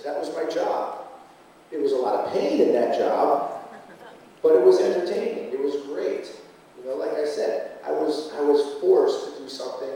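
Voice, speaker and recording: A man in his forties gives a punchy motivational speech to a conference crowd, asking them questions as he goes. His voice is mellow and a little high. He is recorded from far back in a big, echoey hall. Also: creaky, a little hiss or hum. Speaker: motivational speaker. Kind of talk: motivational speech to a live audience. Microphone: room recording from far off.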